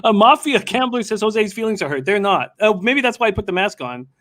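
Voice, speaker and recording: A man's voice: high voice, animated, brisk, fairly bright tone. A man hosting a sports betting show, brash and joking in casual chat, swearing freely.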